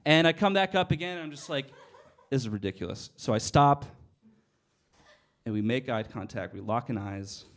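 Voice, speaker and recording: A man telling stand-up stories on a small cafe stage, animated and swearing freely as he acts out each scene. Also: mid-range voice, normal speed. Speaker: stand-up comedian. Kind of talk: stand-up storytelling.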